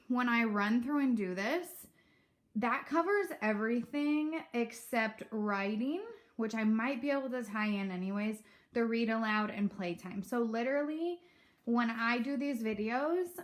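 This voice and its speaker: A woman teacher talking casually to parents about how she teaches young kids, chatty and relaxed with lots of fillers. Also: fairly high pitch. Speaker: kindergarten teacher. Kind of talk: casual instructional talk to parents. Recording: echoey room.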